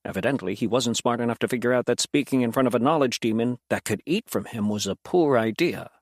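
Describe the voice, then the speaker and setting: A man narrating a fantasy audiobook in an expressive storytelling manner. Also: medium pitch, fast talker, no echo, clean studio sound.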